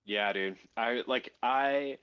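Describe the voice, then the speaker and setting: A man telling a story in a casual podcast chat, laughing often, swearing and jumping up in pitch when he quotes others. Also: slow pace, smooth, muffled recording. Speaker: podcast co-host.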